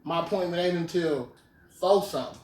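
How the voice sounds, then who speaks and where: Young man, podcast host, slangy animated storytelling, higher voice, roomy sound, distant mic. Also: brisk. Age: 20s. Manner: slangy, animated retelling, keeps saying "you feel me". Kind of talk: casual storytelling chat.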